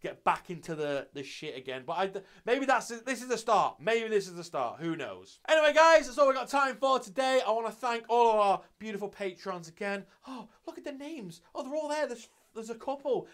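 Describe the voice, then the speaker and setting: Sweary man, slightly higher voice. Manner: loose and sweary, with frequent restarts. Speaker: anime reviewer and channel host. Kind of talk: casual spoken review.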